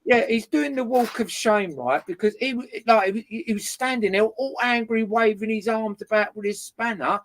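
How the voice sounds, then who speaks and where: A guest tells a long neighbour feud story in casual chat. The voice sits in a middle register. The delivery is loud and lively, with constant swearing. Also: mid-range voice, normal speed, hardly any pauses. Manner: swears constantly, animated retelling.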